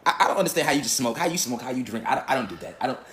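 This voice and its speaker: A smug, holier-than-thou churchgoer, put on by a man insists he does no wrong. The voice drops low and prim, with stuttering repetition. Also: expressive, racing, fairly bright tone, echoey room, lightly acted. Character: smug, self-righteous male churchgoer.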